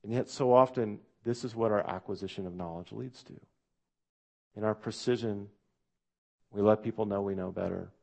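A male pastor delivers a conversational sermon in a low, gravelly voice with a dark, mellow tone. He keeps turning to the congregation with direct questions. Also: fairly even intonation, normal speed.

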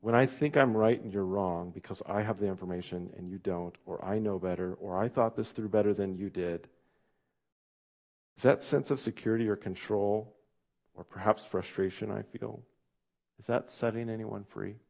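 Low gravelly-voiced male pastor preaching. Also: normal speed, darkish tone. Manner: conversational, asks the congregation direct questions. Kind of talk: sermon.

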